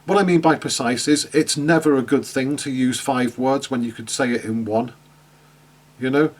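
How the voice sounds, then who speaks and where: A man's voice: medium pitch, fairly even intonation, normal speed. A man teaching an online class in a chatty way, with many fillers and restarts, asking his students questions. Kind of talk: online lecture.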